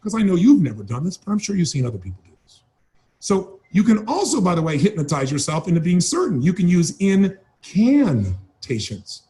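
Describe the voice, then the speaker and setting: A man's voice: high-pitched, sing-song, fast talker, mellow. A man giving a motivational seminar talk, speaking emphatically and dramatically, repeating phrases for effect. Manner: dramatic, acts out voices of people he describes.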